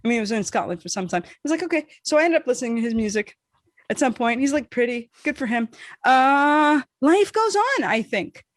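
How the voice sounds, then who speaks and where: Woman, high voice, dry close sound, podcast co-host, casual storytelling, animated, swears a lot. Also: a little fast, no room sound. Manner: animated, profane, acts out quotes with big pitch swings.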